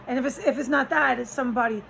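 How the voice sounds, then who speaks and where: A woman's voice: high-pitched, quick pace, gravelly, sharp tone, a little hiss or hum, rough recording. A woman vlogging from a rented room, talking in a rambling, frustrated way, cursing often and restarting her sentences. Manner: agitated, profane, trailing off and restarting.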